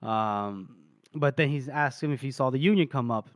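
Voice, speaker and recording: A man's voice: mid-range voice, moderate pace, no room sound, clean studio sound. A man co-hosting a podcast, casually retelling a book chapter and briefly acting out the characters' lines. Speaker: podcast co-host.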